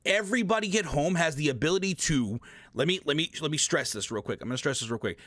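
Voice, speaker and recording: A man's voice: on the high side, fast talker, dry recording. A man streamer giving a casual, emphatic tutorial, swearing and repeating himself, talking past a desk microphone at his home gaming setup. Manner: emphatic, repetitive, swears, animated sound effects. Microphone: desk microphone, often turned away.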